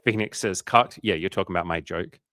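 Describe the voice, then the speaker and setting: A man's voice: low voice, a little fast, sharp tone, no room sound, clean studio sound. A young man coaching on a livestream, chatting casually, joking and swearing while reassuring viewers. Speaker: dating coach. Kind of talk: casual livestream chat reading viewer comments.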